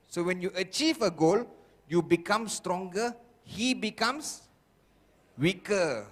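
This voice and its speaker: A man's voice: sits high, a bit bright. A man giving a motivational seminar talk who keeps checking in with the audience and acts out the voices he quotes. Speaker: seminar speaker. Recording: long hall reverb.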